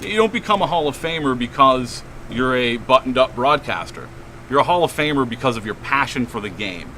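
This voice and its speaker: A male radio host asking an interview guest measured, thoughtful questions. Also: mid-range voice, lively intonation, pushed and bright, slight background noise, low-quality recording.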